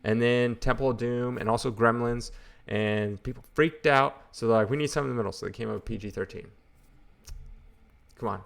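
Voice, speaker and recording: A man's voice: mid-range voice, fairly even intonation, normal speed, vocal fry, a bit bright. A man hosting a comic book channel, ranting in casual, exasperated and sarcastic commentary.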